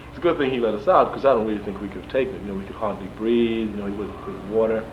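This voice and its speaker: A young man in an interview, recounting events in an animated way, chuckling often and acting out the dialogue. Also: on the low side, fast talker. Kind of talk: storytelling in an interview. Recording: dull lo-fi archival tape with faint hum.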